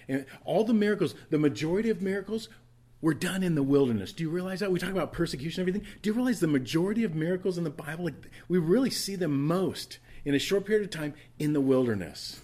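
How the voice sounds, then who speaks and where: A male pastor delivering a sermon in a church, telling a Bible story with animated asides and quick character voices. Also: fairly high pitch.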